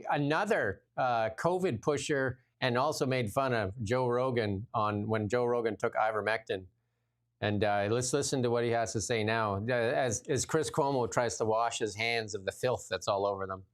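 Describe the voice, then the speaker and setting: A man's voice: mid-range voice, moderate pace. A man hosting a political talk show in casual chat, mocking and sarcastic, repeating phrases for effect.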